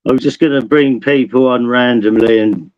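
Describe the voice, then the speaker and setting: A man's voice: medium pitch, fairly even intonation, normal speed, dull audio. Easygoing male stream host. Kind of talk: casual chat.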